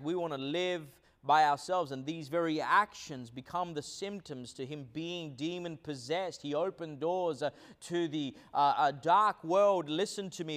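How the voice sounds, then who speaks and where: In his sermon, the pastor fills his speech with verbal fillers while shifting from soft, low-voiced passages to loudly performed quotations.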